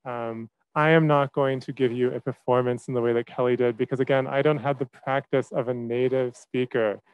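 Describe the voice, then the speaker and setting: Young man giving a relaxed class talk. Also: mid-range voice, fairly quick, smooth, no room sound, narrow, tinny audio. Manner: relaxed, many fillers and restarts. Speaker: teaching fellow presenting. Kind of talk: classroom presentation.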